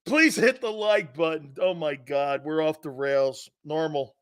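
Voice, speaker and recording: Give me a giggly man hosting a live sports talk show, with a high voice and an unhurried pace. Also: a bit bright. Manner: giggly, joking, keeps breaking into laughter; reads and answers viewer comments by name.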